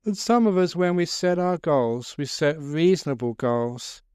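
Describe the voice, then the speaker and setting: A man's voice: on the high side, animated, unhurried, darkish tone, clean tone, no echo, clean studio sound. A man, a Buddhist monk, giving a humorous, story-filled dharma talk to a live audience, chuckling and chatting as he goes. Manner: jokey, chuckling, conversational.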